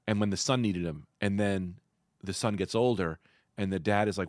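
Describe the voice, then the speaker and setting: A man in his thirties hosting a podcast, telling stories in an animated, laughing way and swearing freely. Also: deep voice, moderate pace, no echo, clean studio sound. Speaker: podcast host. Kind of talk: casual chat.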